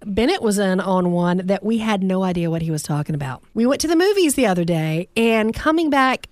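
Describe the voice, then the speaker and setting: A woman's voice: medium pitch, fairly quick, no room sound. A woman with a Southern US accent co-hosting a podcast, telling family stories in a casual chat and laughing often. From American South. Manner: animated storyteller, laughs often. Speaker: podcast co-host.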